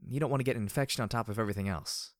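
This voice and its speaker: A man's voice: lowish voice, very fast, no echo, clean studio sound, natural voice. A man voicing a tired, sarcastic young mare, raising his voice to play her. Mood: wry. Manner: raised voice, wry and sarcastic.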